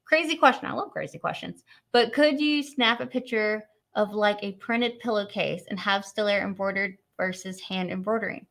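A chatty young woman hosts a live stream and reads out viewers' questions. Her voice is bright and sharp, and her delivery is quick and friendly, with frequent laughs. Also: medium pitch. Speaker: host of a live product demo.

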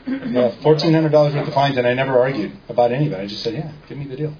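Man, mid-pitched voice, casual lecture, storyteller asking the room questions, muffled lo-fi recording. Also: rapid-fire, crowd noise. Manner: storytelling, quotes people in dialogue, asks the audience questions. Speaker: seminar speaker. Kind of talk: casual lecture to a small audience. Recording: dull lo-fi recording with faint background noise.

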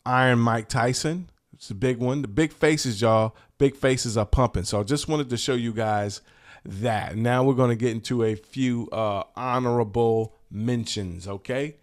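A man hosting a channel for t-shirt sellers, talking casually and enthusiastically, in a relaxed, slangy way with plenty of swearing. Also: mid-range voice, unhurried. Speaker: host of a t-shirt business channel. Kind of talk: casual talk showing shirt designs.

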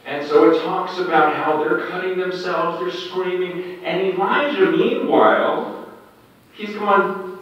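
A man preaching at a prayer breakfast, telling stories with animated delivery that swings between loud and hushed. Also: high voice, unhurried, background noise. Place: large hall. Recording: echoey hall, distant dull mic.

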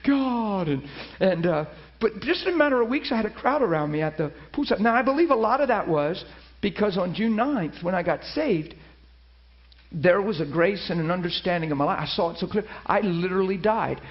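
A middle-aged pastor tells his own story from the pulpit, acting out what people said and stumbling back over his words. His voice sits a little high. The church recording sounds dull and lo-fi. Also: a little fast. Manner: storytelling, animated quoting with many restarts. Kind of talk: sermon testimony.

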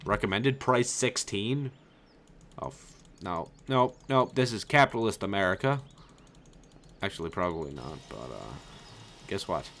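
A man giving excitable, jokey, profane commentary while playing a game. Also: low voice, unhurried, a little hiss or hum. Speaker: let's play host. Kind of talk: gameplay commentary.

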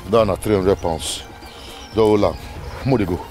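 An actor with a Nigerian Pidgin English accent playing a brash, streetwise young man who talks loud and mocking. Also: lowish voice, normal speed, faint music behind, natural voice. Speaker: actor in a comedy film. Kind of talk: film comedy acting.

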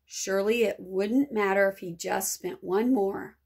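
A woman teacher reading a children's novel aloud, expressive and lingering over words. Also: medium pitch, measured pace, vocal fry, few pauses, husky.

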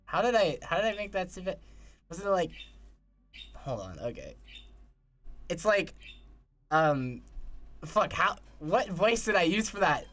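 Bright, rambling male streamer. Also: fairly high pitch, lively intonation, unhurried, pauses often. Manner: rambling, scattered, swears often. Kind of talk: casual live-stream chat. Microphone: desk microphone.

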